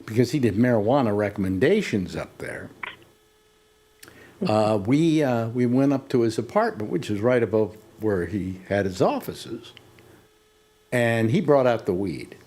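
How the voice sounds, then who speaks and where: A man's voice: mid-range voice, expressive, unhurried, a little mellow. Rambling older man hosting a chat. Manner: rambling storyteller, many restarts. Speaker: talk show host. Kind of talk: casual chat.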